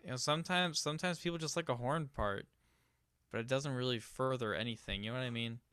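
A man talks through an album with his co-host, blunt and opinionated, often circling back with hedges. His voice is forceful and crisp. The sound is dry and close. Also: medium pitch, fast, dry recording. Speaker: podcast co-host. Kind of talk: casual chat about music.

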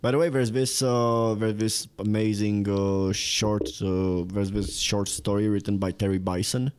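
A man in a casual podcast chat, telling a story in a relaxed way with light fillers. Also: fairly low pitch, measured pace, smooth.

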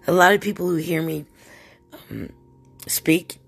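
A woman's voice: on the low side, measured pace, vocal fry, a bit bright, breathy edge. A woman hosting a podcast alone, talking in a rambling, chatty way and laughing often. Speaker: podcast host. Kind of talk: casual solo podcast monologue.

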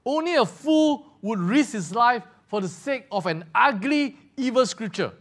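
Man doing a scornful man shouting across a river, mocking, incredulous, high voice. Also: animated, unhurried, heavily acted.

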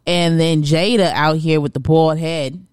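A woman's voice: sits low, fairly even intonation, measured pace, a little mellow, clean tone, no room sound, clean studio sound. A woman co-hosting a casual podcast, blunt and sassy as she gossips. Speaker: podcast co-host.

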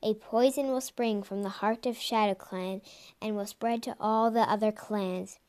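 A woman voicing an old male cat seer who rasps in a hushed, half-whispered way. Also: medium pitch, fairly even intonation, measured pace, close to an everyday voice. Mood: ominous.

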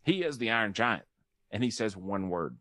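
A young man co-hosting a podcast in casual chat, loose and joking, quick to laugh. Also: on the low side, very animated, a bit bright, no room sound, studio quality. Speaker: podcast co-host.

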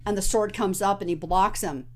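A woman podcast host recapping a movie in casual chat, acting out its lines with lively energy. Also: mid-range voice, moderate pace.

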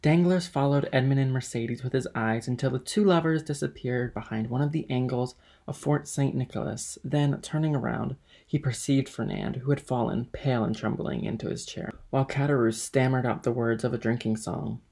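A man reads a classic novel aloud in a measured, even delivery. His voice carries a gravelly, creaky texture at a middling pitch. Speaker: audiobook reader. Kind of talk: scripted audiobook narration.

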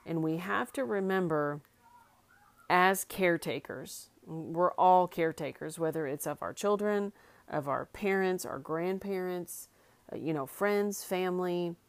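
A middle-aged woman from Arkansas in the US South gives a casual, heartfelt monologue in a low voice at a measured pace. She's easygoing, circling back and restarting thoughts with many fillers, recorded dry and close with no room sound.

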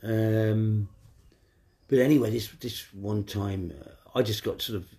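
A man tells a personal story. His voice is low and mellow. He rambles in a wry, offhand way, full of fillers and restarts. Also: fairly even intonation, a little slow.

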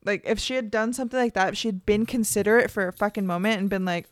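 A woman's voice: mid-range voice, fast talker, few pauses, dry recording. A young woman co-hosting a podcast in casual chat, blunt and combative, swearing freely. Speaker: podcast co-host.

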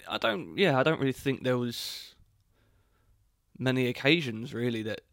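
Relaxed young man, gravelly and dry. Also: mid-range voice, normal speed, no room sound. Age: young adult. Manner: relaxed, uses fillers like um and you know. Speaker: guest, host's son. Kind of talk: casual chat.

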